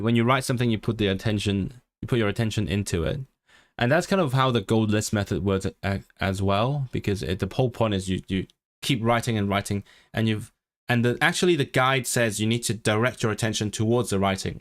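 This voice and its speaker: A man's voice: on the low side, fairly quick. Chatty man studying a language on stream. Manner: chatty and self-interrupting, with frequent restarts. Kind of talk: casual study livestream, reading aloud and musing.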